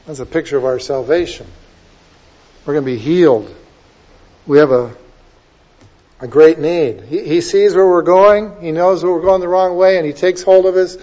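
A man preaching a sermon, dropping to soft asides and rising to loud, drawn-out emphatic lines. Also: on the high side. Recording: dull lo-fi sermon recording.

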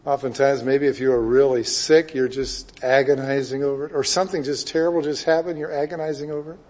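A man preaching a sermon, reading scripture and explaining it with emphatic swings between loud declarations and hushed asides. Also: medium pitch, steady tone, brisk.

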